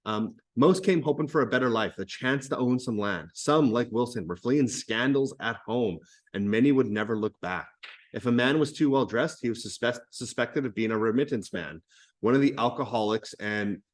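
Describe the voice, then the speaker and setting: A man, a teacher reading a history book aloud and breaking off for chatty explanations. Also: medium pitch.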